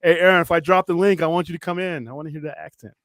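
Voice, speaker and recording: A man's voice: fairly high pitch, racing, fairly bright tone, dry recording. Rambling male live-stream host from California. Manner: loose and rambling, greets chat viewers. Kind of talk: casual live-stream chat.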